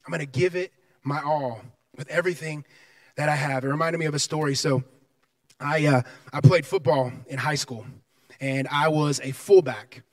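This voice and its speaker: A man preaching a sermon, telling a personal story in an animated way and acting out its scenes. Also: on the high side, normal speed, no echo, far from the mic. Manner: animated, acts out scenes and voices in his story.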